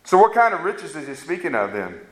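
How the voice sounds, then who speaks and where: Man, preacher, fervent sermon, fairly high voice, echoey hall sound. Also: big pitch swings, brisk. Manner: fervent, rising to emphatic preaching.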